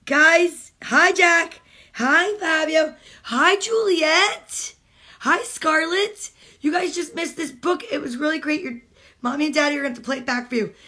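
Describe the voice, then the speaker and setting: Gushing high-voiced woman reading aloud. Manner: gushing and emotional, with gasps and excited asides. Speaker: reading picture books to children online. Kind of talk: read-aloud storytime with casual chat.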